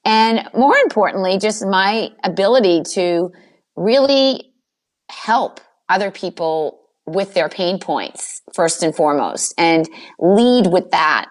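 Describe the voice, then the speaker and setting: A woman with a Boston accent, a guest on a podcast interview, talking fast and self-assured as an Instagram coach. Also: mid-range voice, expressive. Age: older.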